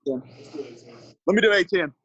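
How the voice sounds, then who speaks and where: A male powerlifter, brisk and focused, talking with his coach between attempts. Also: sits high, lively intonation, fairly bright tone, breathy edge, highs cut off.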